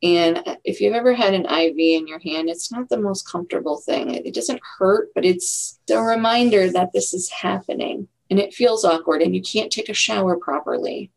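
A woman's voice: medium pitch, moderate pace, gravelly, few pauses, rough recording. A middle-aged woman telling her own story in a candid, reflective way during a casual interview. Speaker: guest.

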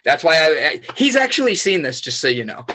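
A man with a slightly high voice tells long, rambling stories in an animated way. He swears freely in a loose, casual podcast chat. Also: brisk. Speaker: podcast guest.

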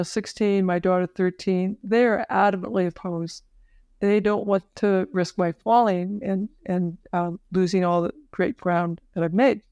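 A woman physician telling her personal story as a podcast guest, halting, with many fillers and restarts. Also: mid-range voice, a little mellow, clear, resonant tone, no room sound, studio quality. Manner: emotional at moments. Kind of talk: personal story told in an interview.

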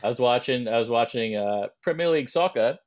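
A young man co-hosting a podcast, telling rambling anecdotes and dropping deadpan jokes in casual chat. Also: mid-range voice, a little fast. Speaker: podcast co-host.

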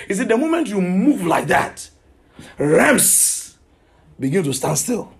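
A man's voice: sits high, big pitch swings, measured pace, vocal fry. A man preaching a sermon, emphatic, repeating himself and asking his listeners questions.

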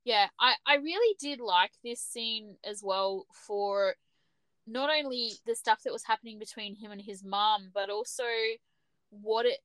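A woman's voice: mid-range voice, fairly bright tone, clear, resonant tone, no room sound. A woman co-hosting a podcast in casual chat, chatty and restarting often as she acts out her own reactions. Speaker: podcast co-host.

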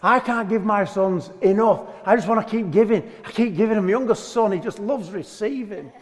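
Man, pastor, lively joking sermon, high voice, long hall echo. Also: a little fast. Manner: animated, joking, preacherly. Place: church hall.

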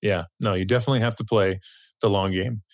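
Financial planner dude as a guest, thinks out loud, dry close sound. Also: male voice, lowish voice, fairly even intonation, fast talker, no room sound. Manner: thoughtful, searching for words. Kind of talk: casual interview chat.

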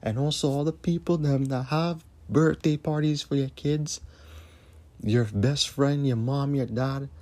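A man's voice: mid-range voice, steady tone, a little slow, warm tone. A man hosting a podcast, ranting angrily in a profane, repetitive monologue. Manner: angry, repetitive, cursing. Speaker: podcast host.

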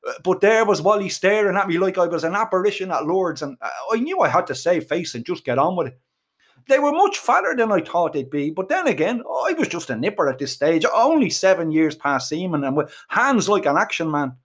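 A man's voice: high-pitched, sing-song, a little fast, fairly bright tone. A middle-aged Irish man telling a crude, comic story with colourful swearing.

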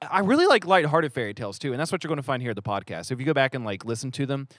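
A man's voice: medium pitch, very animated, rapid-fire, fairly bright tone, dry recording, studio quality. A man from southern West Virginia co-hosting a podcast, chatty and joking. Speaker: podcast co-host. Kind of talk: casual chat.

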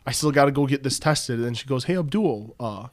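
A young man at a mid pitch tells an animated story on a casual podcast. He fills his speech with "like", and his voice sounds dry and close with no room echo. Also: brisk. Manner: animated anecdote-telling, heavy use of "like". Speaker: podcast co-host.

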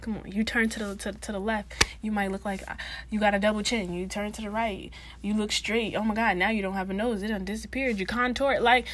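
A woman's voice: mid-range voice, fairly even intonation, a little fast, slight background noise. A young woman vlogging in a casual, chatty way, full of slang and fillers, speaking straight to her viewers. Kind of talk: casual talk to camera.

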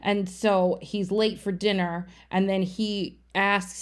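A woman's voice: medium pitch, little pitch movement, slow, hardly any pauses. Woman, casual podcast recapper, irreverent and chatty, salty language. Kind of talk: casual comedic movie recap.

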